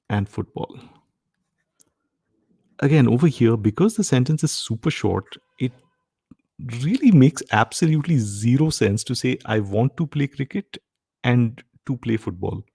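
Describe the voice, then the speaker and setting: Gravelly, dark-toned male instructor. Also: fairly low pitch, no room sound, clean studio sound. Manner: frequent comprehension checks, asks "right?" often. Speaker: test-prep instructor. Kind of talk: live online grammar lesson.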